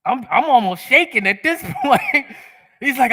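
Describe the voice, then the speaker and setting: A man's voice: very high voice, unhurried. A man giving a spiritual sermon to a congregation, telling a personal story with animation and laughing at himself. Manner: animated, laughs at his own stories. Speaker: guest speaker. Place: church sanctuary.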